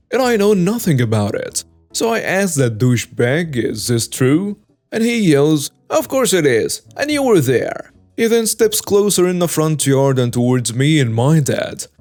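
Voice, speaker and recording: A man reading out a written story in an even, flat narration voice, with little change for the quoted people. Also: mid-range voice. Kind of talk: scripted narration.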